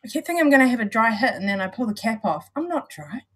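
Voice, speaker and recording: Chatty New Zealand woman, husky voice. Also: a little high, animated, very fast, a bit bright. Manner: chatty, explains at length with restarts. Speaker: vape show co-host. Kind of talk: casual chat.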